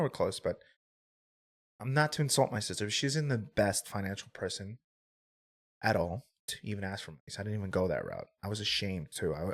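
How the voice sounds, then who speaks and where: A man in his twenties telling a personal story on a podcast, candid and rambling, swearing freely and filling his talk with "like" and "right?". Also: lowish voice. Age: 20s. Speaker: podcast guest. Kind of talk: casual storytelling.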